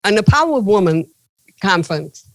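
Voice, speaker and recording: A woman comedian and motivational speaker, a guest in an interview, telling animated stories with playful jokes. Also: medium pitch, fairly quick, no echo, rough recording. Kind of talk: casual interview storytelling.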